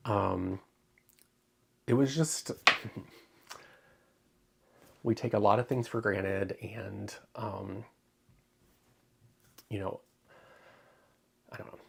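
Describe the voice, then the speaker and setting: A man hosting his own crafting channel, talking casually on a livestream, halting with many ums and close to tears. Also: fairly low pitch, steady tone, vocal fry, a little hiss or hum. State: tearful.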